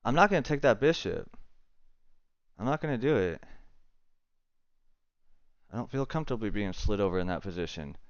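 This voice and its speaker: A man's voice: fairly low pitch, animated, moderate pace, long pauses, dry recording, muffled recording. A man streaming a chess game live, muttering to himself and swearing in frustration as he plays. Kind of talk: live gaming commentary.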